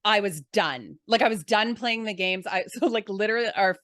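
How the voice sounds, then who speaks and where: A woman's voice: medium pitch, normal speed, no room sound, studio quality. A woman guest in a casual chat, telling funny dating stories and acting out what people said. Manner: animated storyteller, acts out quotes.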